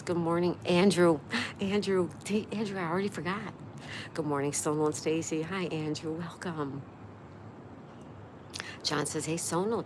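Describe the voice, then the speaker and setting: Low-voiced woman reading livestream chat. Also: noisy background. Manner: warm, chatty, reads viewer comments aloud.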